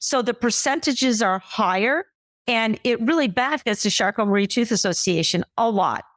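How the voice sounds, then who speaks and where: A woman's voice: fairly high pitch, lively intonation, normal speed, no echo, studio quality. A woman co-hosting a podcast, bantering with her partner and laughing easily. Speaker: podcast co-host. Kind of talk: casual chat.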